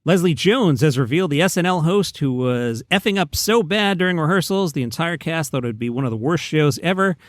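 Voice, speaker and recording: A man's voice: fairly high pitch, animated, fairly quick, hardly any pauses, no room sound, studio quality. A man with a Queens, New York accent hosting a comedy news show, delivering headlines with wry, sarcastic asides. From New York City. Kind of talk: casual comedy news monologue. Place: outdoors by a pool.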